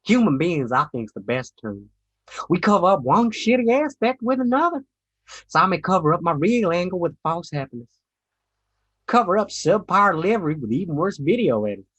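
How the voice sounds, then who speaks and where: A man's voice: high-pitched, sing-song, brisk, fairly bright tone, breathy edge, no echo. A man giving a reflective monologue with mock American slang.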